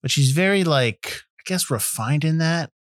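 A man casually talking through a movie with a friend, jumping into high-pitched disbelief when something seems dumb. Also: lively intonation, moderate pace, no echo, clean studio sound. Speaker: movie podcast co-host.

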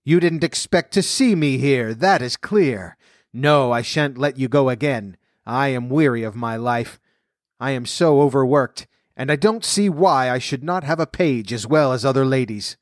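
Bossy one-eyed giantess as a man puts her on, loud, scolding, storybook reading, dry close sound. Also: medium pitch, moderate pace, no room sound, close to an everyday voice.

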